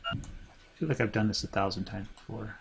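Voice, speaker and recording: A man's voice: fairly low pitch, animated, moderate pace, vocal fry, background noise. A man hosting a let's play, casually thinking aloud and rambling as he plays. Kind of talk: casual gameplay commentary.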